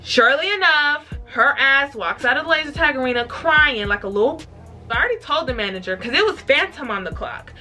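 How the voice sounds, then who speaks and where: A young woman vlogger telling a story in a blunt, profane and animated way. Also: high voice, fairly quick, faint music behind. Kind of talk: casual storytime.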